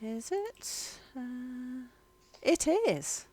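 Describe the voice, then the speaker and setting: A woman running a tabletop game as game master, relaxed and teasing. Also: sits high, extremely slow.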